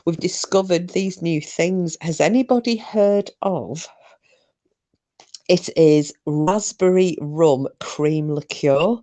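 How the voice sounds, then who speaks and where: This is a middle-aged woman with a lowish, dark-toned voice who speaks slowly. While hosting a live stream she chats informally with her viewers and often laughs between remarks.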